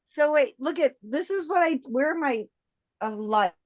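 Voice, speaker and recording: A woman's voice: high voice, lively intonation, a little slow, no room sound, studio quality. A woman chatting casually on a video call from her garden shed, fumbling with her camera. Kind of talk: casual chat.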